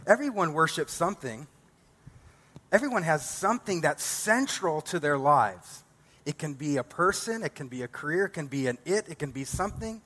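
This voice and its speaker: A man's voice: a little high, fairly bright tone. A male pastor preaching a sermon, building emphatic repeated declarations.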